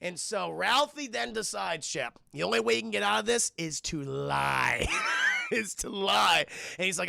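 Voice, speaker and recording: Man, streamer, casual film recap, rambling, profane, bright, gravelly. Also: high-pitched, normal speed, no room sound, studio quality. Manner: rambling, profane, keeps addressing chat.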